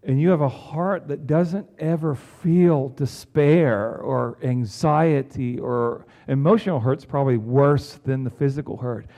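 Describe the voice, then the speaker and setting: A man preaching a sermon in an earnest way, with emphatic rises and quiet low drops. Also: measured pace, few pauses, lo-fi sound. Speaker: pastor.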